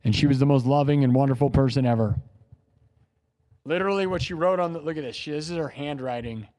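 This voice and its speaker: A man's voice: mid-range voice, fast, mellow. A young man streaming live, talking casually and emotionally, rambling and repeating himself while he grieves. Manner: rambling, emotional, repeats phrases, says dude and bro. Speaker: live streamer and improv musician.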